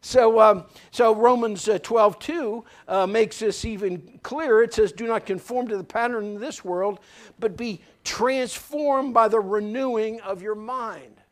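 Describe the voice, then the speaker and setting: A man with a notably high voice preaching a sermon. He talks emphatically, circling back to repeat key phrases. He mixes scripture with folksy anecdotes from his own life. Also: unhurried. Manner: folksy, tells personal anecdotes. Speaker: pastor.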